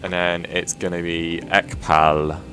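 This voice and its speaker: A man's voice: low voice, little pitch movement, slow pace, pushed and bright, soft background music. A British man chatting casually to viewers during a flight sim live stream, rambling and self-deprecating as he works.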